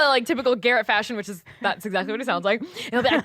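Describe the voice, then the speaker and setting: A young adult woman co-hosting a podcast in casual chat, animated and swearing freely as she acts out other people's voices. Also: on the high side, very fast, hardly any pauses, dry recording, clean studio sound. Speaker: podcast co-host.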